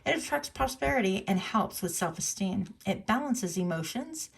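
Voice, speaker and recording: A woman giving a casual tarot reading, chatty and musing aloud with fillers and self-corrections, now and then jumping into a high voice to quote people. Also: animated, normal speed, creaky, breathy edge. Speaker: tarot reader.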